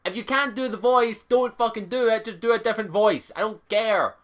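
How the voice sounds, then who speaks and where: A man's voice: high-pitched, fairly quick, fairly bright tone. A young Scottish man giving an exasperated, sweary game review, repeating his complaints. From Scotland.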